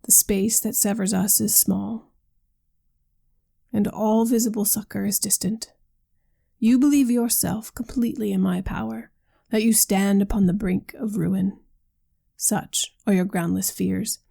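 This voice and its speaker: A woman reading a grave, troubled man, slow and husky. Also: mid-range voice, fairly even intonation, mellow, full character voice. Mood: solemn. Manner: slow, grave, formal speech.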